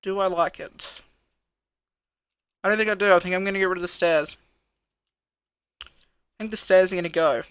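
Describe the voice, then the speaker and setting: A let's play host giving casual gameplay commentary, thinking aloud, counting out loud while building, and grumbling at his own work. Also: mid-range voice, fairly even intonation, a little fast, pauses often, clear, resonant tone, dry recording.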